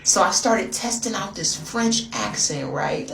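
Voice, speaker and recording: A woman's voice: medium pitch, moderate pace, vocal fry, few pauses, roomy sound, recorded from a distance, background noise. An American woman telling a wild story in a casual, gossipy way, calling the listener girl. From United States.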